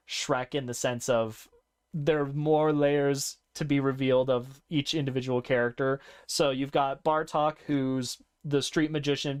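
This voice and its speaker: A man's voice: medium pitch, smooth. A man hosting a podcast in casual chat, animatedly retelling a story and acting out its characters. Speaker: podcast host.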